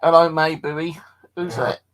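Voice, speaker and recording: A tired man streaming late at night from his flat, telling a rambling, sweary story and chatting to viewers. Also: on the high side, normal speed, poor audio. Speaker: paranormal live streamer. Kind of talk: casual late-night live stream chat.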